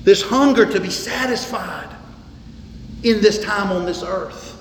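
High-voiced pastor in an echoey hall. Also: male voice, expressive, a little hiss or hum. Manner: emphatic preaching, repeats words, slows for stress. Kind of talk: sermon. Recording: echoey hall, faint ambience.

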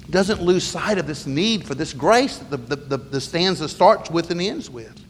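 A man's voice: a little high, animated, normal speed. Middle-aged pastor guy preaching, emphatic, stumbles and restarts, echoey big church with faint room hum. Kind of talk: sermon. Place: church sanctuary. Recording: long reverb of a large hall.

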